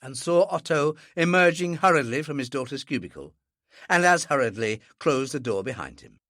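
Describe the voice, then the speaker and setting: An audiobook reader narrating a thriller in the first person, in a measured, dry way. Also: mid-range voice, animated, fairly bright tone, no echo.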